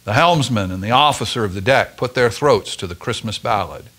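Man reading a christmas story at church, really lively up and down, bright tone. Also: lowish voice, a little fast. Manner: expressive, dramatic storytelling. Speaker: story reader at a church Advent service.

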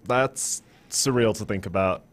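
A man's voice: lowish voice, unhurried. A man, a guest on a casual chat show, talking in an easygoing, thoughtful way.

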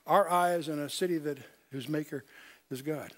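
An older man teaches a Bible lesson verse by verse, his voice on the high side and his speed normal, with slight background noise. He's emphatic, repeats key points, and puts questions to his listeners.

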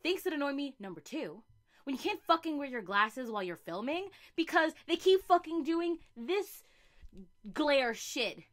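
A young woman vlogging a comedic, profane rant to camera, exasperated and bursting into loud outbursts. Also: high voice, lively intonation, moderate pace.

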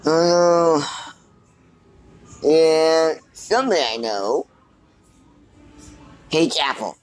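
Speaking extremely slowly in a voice on the high side, a man films a casual walk-and-talk vlog on his handheld phone in a big store. He rambles and thinks aloud as he browses, and the recording quality is low.

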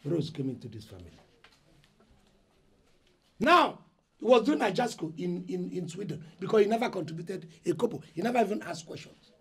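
A hot-tempered eldest son in a Nigerian family quarrel, lecturing everyone loudly. His voice sits high and husky and swings widely in pitch. He speaks with a Nigerian accent. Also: sing-song, fast talker, exaggerated voice. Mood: angry. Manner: loud, agitated, lecturing. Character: indignant eldest brother claiming family inheritance. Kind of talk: Nollywood film acting.

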